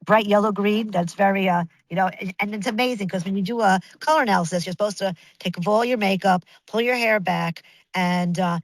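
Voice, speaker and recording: A woman in her fifties, a guest telling a long personal tale in a lively, chatty rush, full of restarts and little acted-out quotes. The sound is close and dry, with no room around her. Her pitch sits in an ordinary middle range. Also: a little fast, no room sound, low-quality recording. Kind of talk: casual storytelling interview.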